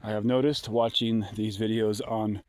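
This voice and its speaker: A man's voice: on the low side, flat delivery, moderate pace, a little mellow, dry recording. A man vlogging alone from a forest campsite, talking into his handheld phone, out of breath, rambling and going off on tangents. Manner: rambling, sidetracked, jokey. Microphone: handheld phone camera.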